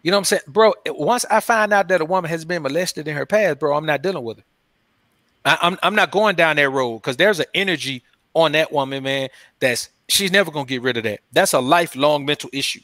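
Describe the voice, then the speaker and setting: Brief: male interview guest, loose slangy storyteller, fairly high bright voice. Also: a little fast, dry recording, clean studio sound. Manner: loose, slangy storytelling, says "man" constantly. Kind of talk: casual interview talk.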